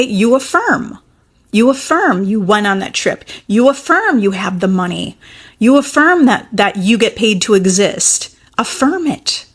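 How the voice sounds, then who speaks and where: A young adult woman coach talking casually and encouragingly, often checking in with "okay?". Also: on the high side. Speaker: manifesting coach. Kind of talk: casual teaching talk.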